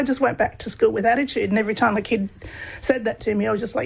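Husky, gravelly-voiced Australian woman. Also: fairly high pitch, little pitch movement, quick pace, poor audio. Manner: laughs often while telling stories. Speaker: guest, PhD researcher on humour. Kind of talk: conversational interview storytelling.

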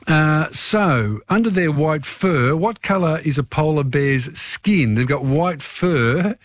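A man's voice: fairly high pitch, lively intonation, takes it slowly. A man hosting a talkback radio quiz, chatting with one caller after another.

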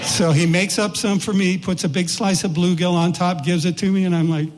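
A man recounts a memory in a folksy, unhurried storytelling voice, slipping into the voices of the people he quotes. His voice sits a little high, and a long reverb trails each phrase as if he stands in a large hall. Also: steady tone, background noise. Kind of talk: personal storytelling.

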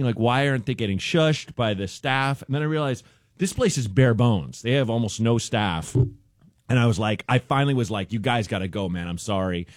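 A man's voice: medium pitch, no echo, clean studio sound. A man, a comedian guest on a radio show, telling a story with lots of laughter.

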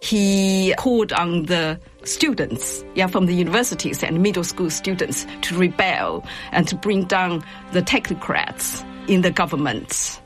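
Deliberate woman expert. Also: on the low side, lively intonation, faint music behind. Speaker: expert guest. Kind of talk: interview clip.

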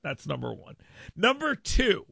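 A man's voice: high-pitched, huge pitch swings, unhurried, vocal fry, bright, forceful tone, husky, dry recording, studio quality. A man hosting a radio talk show, riffing emphatically with listeners in a casual monologue.

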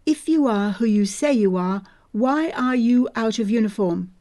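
Woman voicing a stiff young officer, clipped and suspicious, slow and mellow storybook read. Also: on the high side, expressive. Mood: stern. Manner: formal, clipped, suspicious questioning. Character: young male army lieutenant, stern interrogator.

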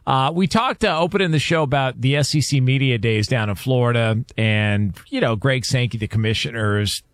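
A man hosting a sports radio talk show, brisk and conversational, reading ad copy and setting up topics at a studio mic. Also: medium pitch, no room sound. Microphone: studio microphone.

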